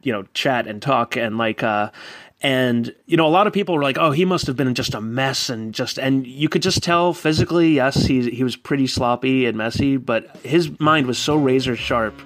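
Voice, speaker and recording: A man in his thirties from New York telling a casual, animated personal story and acting out quoted voices. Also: medium pitch, normal speed, no room sound. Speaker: guest storyteller. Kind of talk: casual anecdote.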